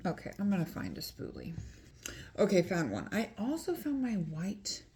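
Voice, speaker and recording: A woman's voice: medium pitch, huge pitch swings, moderate pace, darkish tone, a little hiss or hum. Chatty woman doing makeup. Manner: chatty, lots of fillers and asides. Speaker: beauty vlogger. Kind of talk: casual storytelling while doing makeup.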